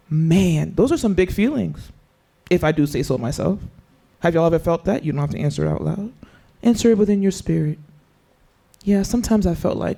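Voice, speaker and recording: A man's voice: high voice, expressive, moderate pace, dark tone. A man leading an interactive youth Bible study, asking the group questions and acting out the scripture quotes he reads.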